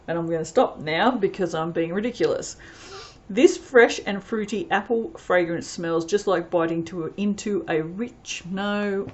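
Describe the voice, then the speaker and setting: A low-voiced woman who makes soap reviews fragrances in a casual unboxing chat. She's chatty and rambling, reading product blurbs aloud.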